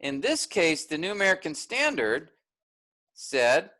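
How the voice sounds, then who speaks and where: A man's voice: a little high, big pitch swings, a little slow, bright, forceful tone, rough recording. A man teaching a workshop, explaining step by step and often checking in with "all right?".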